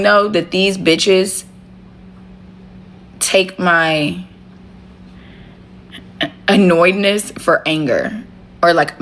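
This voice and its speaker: Lower-pitched woman ranting on her phone live, blunt and sweary, faint hiss in the back. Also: a bit bright. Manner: blunt, profane, talks straight to viewers. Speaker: livestream host. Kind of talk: casual livestream chat.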